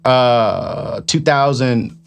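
A man's voice: medium pitch, extremely slow, vocal fry, clean tone. A middle-aged man co-hosting a casual chat, speaking emphatically and repeating phrases for effect.

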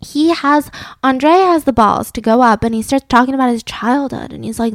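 A woman co-hosting a casual podcast, telling a true crime story with lively acted-out quotes and frequent swearing. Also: high-pitched, fairly quick, no echo. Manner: animated storytelling, acts out quotes, swears freely. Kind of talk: casual chat.

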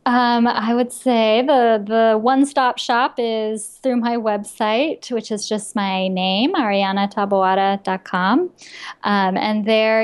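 A woman guest on a podcast, relaxed and friendly, explaining how to reach her. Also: mid-range voice, clean tone. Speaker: guest expert. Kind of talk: casual interview chat.

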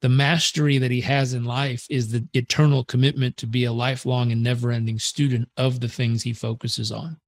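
A man's voice: medium pitch, fairly quick, gravelly, hardly any pauses, no room sound. Earnest storytelling man, dry sound. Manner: earnest, animated storyteller, swears casually. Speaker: podcast guest, performance coach. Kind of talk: casual interview storytelling.

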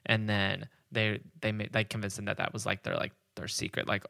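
A man's voice: on the low side, level tone, brisk, vocal fry, sharp tone, dry recording, studio quality. A man hosting a podcast, telling a history story in casual chat, rambling with many fillers and frequent laughs.

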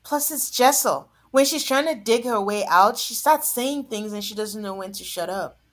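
A woman co-hosting a podcast, chatting casually in a fairly high voice. She laughs often and lets her sentences drop to a soft trail. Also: expressive, normal speed. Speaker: podcast co-host. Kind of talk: casual chat.

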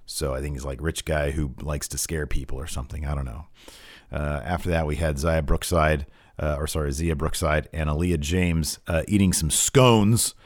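A man's voice: a bass voice, fairly even intonation, moderate pace, no room sound, studio quality. A man co-hosting a wrestling podcast, recapping matches in casual chat with many restarts and fillers. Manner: rambling, frequent restarts and fillers.

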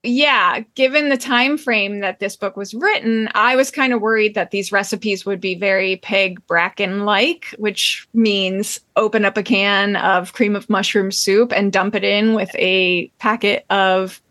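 A woman's voice: mid-range voice, fairly even intonation, a little slow, hardly any pauses, fairly bright tone. Chatty woman podcast co-host. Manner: chatty, explains with light humor. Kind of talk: casual podcast chat.

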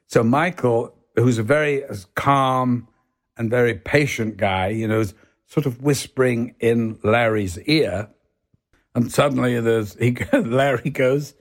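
An older man, a guest on a podcast, telling lively stories and acting out the voices in them. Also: medium pitch, measured pace. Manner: animated, laughing, acts out voices. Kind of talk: anecdotal storytelling.

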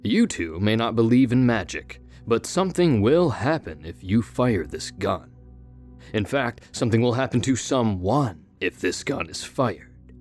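A man's voice: fairly low pitch, sing-song, unhurried, darkish tone, soft background music. An actor playing a sinister, giggling carnival showman in an audio drama, speaking in a gleeful, teasing way.

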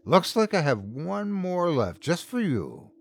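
A man's voice: fairly high pitch, very animated, a little slow, gravelly, pitched above the performer's own voice, heavily acted. A man voicing a monstrous ice cream truck driver who coaxes in a falsely friendly, wheedling way. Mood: coaxing.

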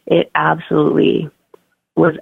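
A woman's voice: low voice, expressive, a little slow, gravelly, slightly rough, no room sound. A young woman, a first-time mother, tells her birth story as an interview guest in a chatty way, full of "like" and "you know". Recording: tinny, dry phone-line audio.

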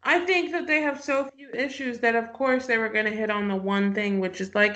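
A woman's voice: fairly high pitch, moderate pace, few pauses. A woman co-hosting a casual podcast, rambling with lots of "like.". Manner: lively, rambling, fillers like "like". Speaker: podcast co-host. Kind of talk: casual chat.

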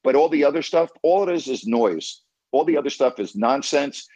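A man's voice: medium pitch, lively intonation, normal speed, a little mellow, breathy edge, dry recording, low-quality recording. A man hosting a call-in sports radio show, blunt and emphatic, who keeps repeating himself to press his point.

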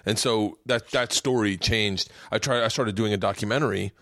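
A man's voice: lowish voice, normal speed, a bit bright, dry recording, clean studio sound. A man hosting a podcast, chatting casually at a house and telling stories full of swearing and acted-out voices. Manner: swears a lot, acts out voices in his stories. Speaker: podcast host. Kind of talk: casual chat, animated storytelling.

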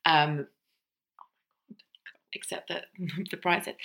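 A woman's voice: lowish voice, expressive, fairly quick, sharp tone. A woman co-hosting a podcast, chatting casually in a rambling, giggly way. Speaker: podcast co-host. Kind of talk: casual chat.

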